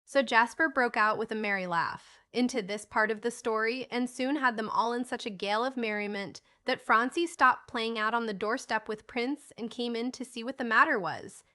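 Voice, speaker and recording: Female audiobook narrator, storybook read, lively dialogue voicing, bright and sharp, pitched a little high. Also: normal speed, hardly any pauses. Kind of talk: reading a classic children's novel aloud.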